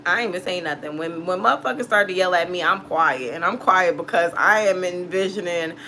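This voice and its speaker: A woman's voice: on the low side, brisk, sharp tone, slight background noise. A woman who reads tarot, telling a personal story casually in a blunt, profane way, laughing often. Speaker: tarot reader.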